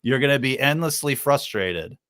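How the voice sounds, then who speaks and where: A man's voice: mid-range voice, expressive, normal speed, a bit bright. A man hosting a podcast in casual banter, blunt and joking. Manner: blunt, joking, laughs often. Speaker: podcast host.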